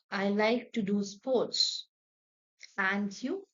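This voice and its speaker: A woman gives an online language lesson. She talks slowly and warmly encouraging, with a middle pitch, and repeats each example. The audio sounds dull and lo-fi. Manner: slow, encouraging teaching delivery with repeated examples. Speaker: French teacher.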